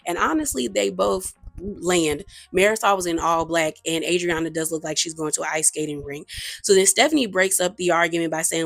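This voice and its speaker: A woman's voice: fairly low pitch, a little fast, vocal fry, no room sound, faint music behind. A woman chatting through a reality TV episode recap, gossipy and opinionated, acting out quotes from the cast. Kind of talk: casual recap commentary.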